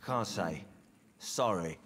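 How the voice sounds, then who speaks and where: A cynical drunk propping up a bar in a game. His voice sits very low, and he talks in a sardonic, world-weary way. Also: animated, takes it slowly, fairly bright tone, a little hiss or hum, exaggerated voice. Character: male drunk bar patron, cynical and sour.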